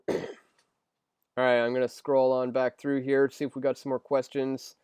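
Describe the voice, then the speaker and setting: A man's voice: medium pitch, little pitch movement, normal speed, a little mellow, clean tone, no room sound, clean studio sound. A young man hosting a casual live stream, reading viewer questions aloud and rambling through answers with lots of fillers and restarts. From Canada.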